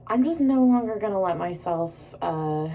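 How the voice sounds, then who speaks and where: A woman's voice: medium pitch, expressive, normal speed, warm tone, far from the mic, a little hiss or hum. A young woman vlogging casually while doing her makeup, rambling, giggling and swearing freely. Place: indoors at home.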